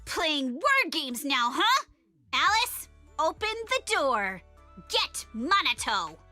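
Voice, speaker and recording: A woman's voice: high-pitched, big pitch swings, takes it slowly, sharp tone, exaggerated voice. An actress voicing a mischievous, hot-tempered young woman in a video game, with a pouting manner. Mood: indignant. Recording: game audio with faint music.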